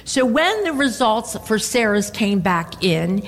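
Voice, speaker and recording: A woman pastor preaching a sermon, expressive and punctuated with frequent amens. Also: medium pitch, unhurried, long reverb tail.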